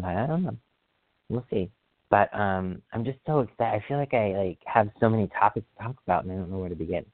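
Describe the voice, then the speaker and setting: A man hosting a solo podcast, chatting casually in an excitable, rambling way and often apologizing for going off track. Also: low voice, dry recording. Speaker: podcast host. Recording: dry, phone-like sound.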